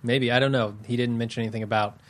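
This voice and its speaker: A man's voice: medium pitch, steady tone, fast. A man in a casual film chat, easygoing and agreeable, often hesitating.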